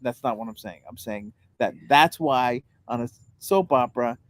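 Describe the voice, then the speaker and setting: A man co-hosting a casual comedy podcast, teasing dryly and pausing on ums. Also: mid-range voice, no echo. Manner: dry teasing, hesitant with ums. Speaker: podcast co-host.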